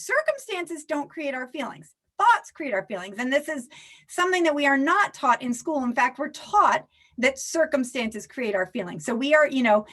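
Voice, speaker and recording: A woman, a life coach, talking animatedly as a guest in a podcast interview. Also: high-pitched. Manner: animated, acts out little quoted scenes.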